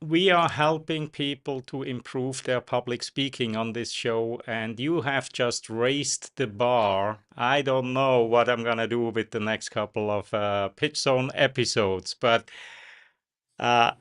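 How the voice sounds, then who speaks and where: A man's voice: mid-range voice, measured pace, few pauses, a bit bright, clean tone. A man hosting an interview, wrapping up with effusive thanks to his guest. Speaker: show host.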